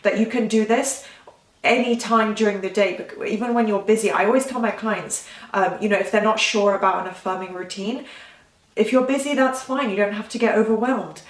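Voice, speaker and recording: A woman's voice: mid-range voice, fairly quick, distant mic. Chatty woman coach in a roomy space. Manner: rambling, self-correcting, chatty. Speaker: manifestation coach. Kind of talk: casual talking-head advice.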